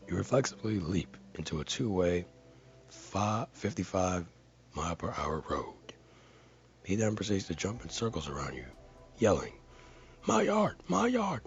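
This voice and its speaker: A man's voice: sits low, darkish tone, dull audio. A man earnestly reading a viewer comment aloud, carefully and with dramatic stresses.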